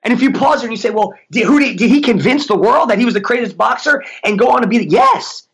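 A man who is a motivational coach, speaking on a podcast about faith and declarations. He is emphatic and slows down to say affirmations, with some stumbles and restarts. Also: very high-pitched, lively intonation, vocal fry, fairly bright tone, breathy edge.

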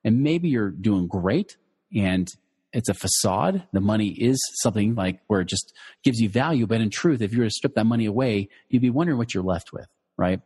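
Husky low-voiced man telling a story. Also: lively intonation, fairly quick, a little mellow, in a large hall. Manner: conversational, many fillers and restarts. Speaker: financial educator. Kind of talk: personal storytelling to listeners.

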